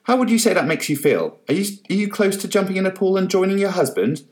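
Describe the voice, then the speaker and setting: A man voicing a pushy, tactless female TV reporter, who pries with loud questions. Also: medium pitch, expressive, fast talker, voice pushed up, natural voice. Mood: prying. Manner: pushy, prying.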